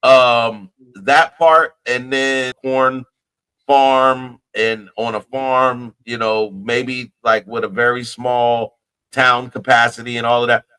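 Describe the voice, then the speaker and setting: A man's voice: medium pitch, steady tone, slow, bright, forceful tone, smooth, low-quality recording. A man from New Jersey co-hosting a podcast, chatting casually about movies with lots of restarts and repeated words. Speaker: podcast co-host.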